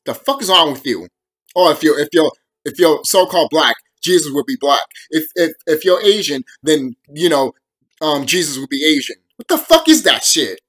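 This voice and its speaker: A man's voice: a little high, sing-song, normal speed, fairly bright tone, husky. A young man ranting to camera on his video channel, heated and full of profanity and repeated phrases. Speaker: vlogger.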